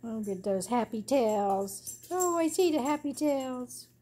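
A woman's voice: fairly high pitch, lively intonation, slow pace, dark tone, slightly rough, soft background music. A woman cooing at her puppies in doting, sing-song baby talk. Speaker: dog owner filming her puppies.

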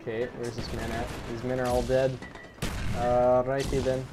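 A man's voice: mid-range voice, little pitch movement, moderate pace, noisy background. A young man giving live gameplay commentary into a desk microphone, rambling and self-mocking, with muttered asides. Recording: gunfire from the game audible. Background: game gunfire.

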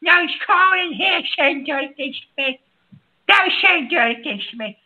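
Man voicing a very high-pitched, furious call-in host; quick to insult callers. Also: animated, sharp tone, heavily acted. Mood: upset. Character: hot-tempered older male radio host. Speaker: radio show host. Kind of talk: comedic call-in radio bit. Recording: lo-fi muffled audio.

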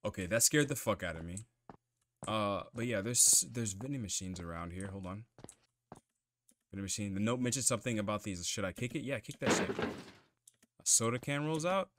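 A man narrating his own horror-game run, with a voice that leaps up and down in pitch. He swears freely and mutters to himself between moves, with faint noise underneath. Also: expressive, moderate pace, long pauses, a bit bright. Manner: profane, jumpy self-talk while playing. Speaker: gamer playing a horror game. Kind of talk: let's play commentary.

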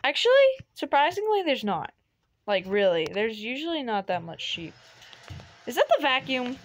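A young woman hosting casual gameplay commentary, chatty and excitable, laughing often. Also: fairly high pitch, normal speed, soft background music. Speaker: gaming channel host.

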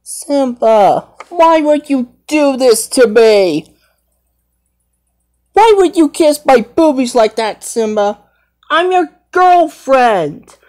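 A tearful young lioness voiced by a woman talks in a high, whiny voice, well above her low everyday one. She sounds flustered and fretful, and her words come slowly. It sounds like an amateur fan role-play. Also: lively intonation, a little mellow. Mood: distraught.

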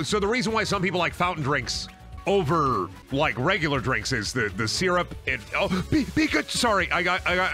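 Young guy streaming a game, jokey and rambly, swears a lot, bright bouncy voice, bit of game music behind. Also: fairly high pitch. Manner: joking, rambling, swears freely. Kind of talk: casual game stream commentary. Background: faint game music.

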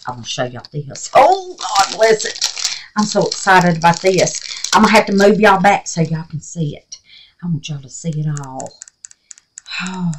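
A resin craft vlogger with a lowish, sing-song voice chats casually with her viewers at a moderate pace while showing off craft supplies she was gifted. Effusive and affectionate, she calls them honey and baby and mutters to herself as she handles things, with noise in the background.

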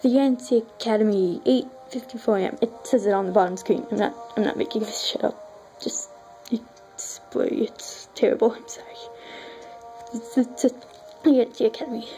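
A woman's voice: on the high side, normal speed, mellow, soft background music, low-quality recording. A woman giving casual, self-deprecating commentary while playing a video game, apologizing often and filming on a phone. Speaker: let's play gamer. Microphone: phone filming a screen.

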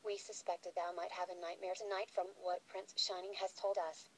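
A woman reading the lines of a regal female princess of the night, speaking gently in an archaic, formal way. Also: lowish voice, level tone, normal speed, slight background noise, lightly acted, poor audio. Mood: solemn.

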